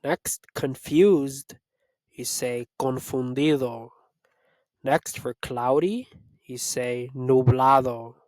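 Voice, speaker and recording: A man teaching Spanish, reading a vocabulary list and repeating each word slowly to drill it. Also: medium pitch, fairly even intonation, darkish tone, no echo. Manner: slow, repetitive word-by-word drilling. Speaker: Spanish tutor. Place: Los Angeles area.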